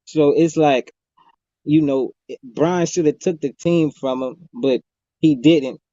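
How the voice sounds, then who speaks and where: A man's voice: on the high side, slow pace, mellow, no echo. A man co-hosting a casual sports debate, talking in a rambling, profane way with many restarts. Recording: dull, slightly muffled audio.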